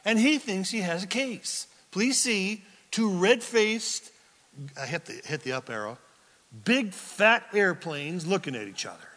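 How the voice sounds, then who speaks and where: A male pastor giving a sermon, telling a story with animated delivery and questions to the congregation. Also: sits high, a little slow, big-room sound. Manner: animated storytelling, acts out quotes, asks the crowd questions.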